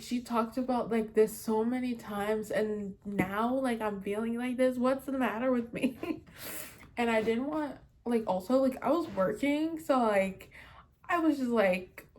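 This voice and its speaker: Slow, rambling young woman reviewing a book. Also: mid-range voice, darkish tone. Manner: rambling, many fillers and restarts, giggly. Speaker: book vlogger. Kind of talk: casual book review chat.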